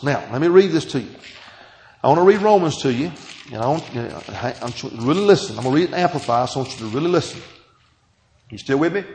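A man preaching a sermon, calling out "Amen?" to the congregation and swinging from quiet, slow teaching to loud, emphatic reading. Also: fairly high pitch. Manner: call-and-response preaching, asking "Amen?". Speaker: pastor. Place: church sanctuary. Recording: echoey church hall.

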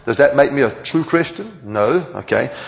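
A man with a gravelly, fry-edged voice delivers a sermon to a class. He draws out key words for emphasis and keeps asking his listeners questions. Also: medium pitch, lively intonation, rough recording. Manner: emphatic, drawn-out phrases, asks the audience questions. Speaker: pastor teaching a Bible class. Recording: taped sermon.

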